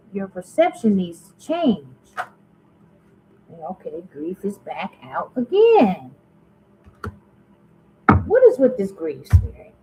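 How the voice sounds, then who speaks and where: A woman's voice: medium pitch, wildly swooping pitch, takes it slowly, pauses often, dark tone, a little hiss or hum, low-quality recording. A woman giving a casual tarot reading to her viewers, talking straight to them and musing aloud as she asks spirit questions. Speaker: tarot reader.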